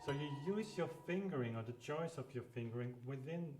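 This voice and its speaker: A man teaching a live keyboard practice lesson, calmly explaining fingering step by step as he plays. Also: a little high, fairly quick, loud music behind the voice. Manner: calm, explains fingering step by step while playing. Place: room with a clavichord. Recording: roomy sound with clavichord playing.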